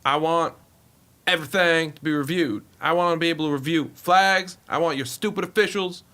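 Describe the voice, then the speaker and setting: A man's voice: fairly high pitch, brisk, bright, forceful tone. A man doing a bossy old team owner. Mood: condescending.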